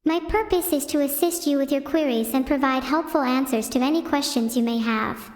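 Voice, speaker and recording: A woman's voice: high voice, fairly quick, natural voice. A synthetic female voice putting on a formal, polite AI assistant. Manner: formal, stiff. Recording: roomy with long reverb.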